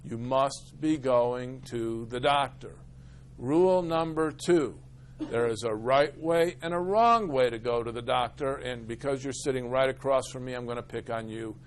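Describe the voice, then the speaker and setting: A man's voice: mid-range voice, normal speed, slight background noise. Man giving a humorous talk. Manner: storytelling, acts out both sides of a scene. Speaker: disability attorney speaking to a group. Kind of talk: humorous presentation to a live audience.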